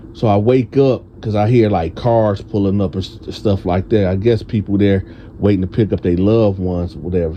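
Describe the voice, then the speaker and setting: A man from tells a prison storytime in a casual, animated way. He acts out his friends' voices in a higher pitch. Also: muffled recording, a little hiss or hum.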